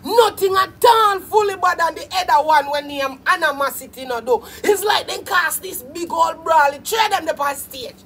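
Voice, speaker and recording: A woman with a Jamaican accent hosting a live stream, chatting in an animated way with her viewers in patois. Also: very high-pitched, normal speed, hardly any pauses. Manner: animated, talks back to viewers, patois phrasing. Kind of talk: casual live-stream chat about dancehall.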